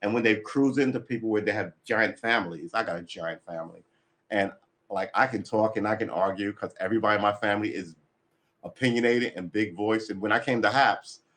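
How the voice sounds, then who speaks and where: A man's voice: fairly low pitch, brisk, fairly bright tone. A man talking casually on his own livestream, blunt and opinionated, swearing freely and laughing often. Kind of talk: casual rambling chat.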